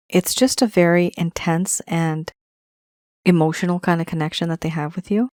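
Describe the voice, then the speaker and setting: Low-voiced woman giving a musing tarot reading. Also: darkish tone, no room sound, clean studio sound. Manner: musing, intuitive, talks straight to viewers. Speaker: tarot reader. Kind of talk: solo tarot card reading to camera.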